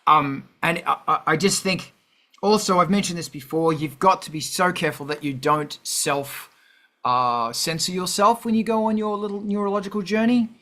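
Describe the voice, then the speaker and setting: A man hosting a casual livestream chat, rambling and animated with many fillers and restarts. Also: high voice, normal speed. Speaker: host.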